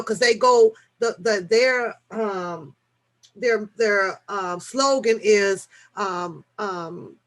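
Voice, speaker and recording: A woman hosting a casual late-night live chat, answering viewers loosely, swearing freely and restarting her sentences often. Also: medium pitch. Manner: animated, swearing, frequent fillers and restarts.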